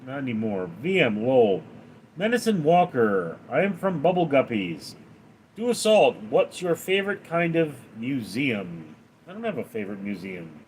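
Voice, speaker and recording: A man hosting a livestream, reading viewers' names and questions in a raised voice, then answering them flatly. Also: moderate pace, slight background noise. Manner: reads donor names and questions aloud in a lively raised voice, then answers flat and low. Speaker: livestream host reading chat. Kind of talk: casual livestream Q&A.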